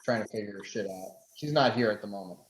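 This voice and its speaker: A man as game master narrating a tabletop scene in an unhurried way, with many fillers. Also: lowish voice, roomy sound, slight background noise, poor audio.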